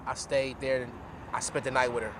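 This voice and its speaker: Young man, podcast guest, slangy heartfelt storyteller, halting delivery, road traffic noise behind. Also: mid-range voice, level tone. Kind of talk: storytelling in casual chat. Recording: noisy traffic in background.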